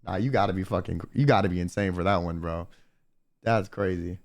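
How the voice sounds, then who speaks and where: A young man, a streamer, telling a profane, animated story in casual chat and quoting people in put-on voices. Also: sits low, fairly quick.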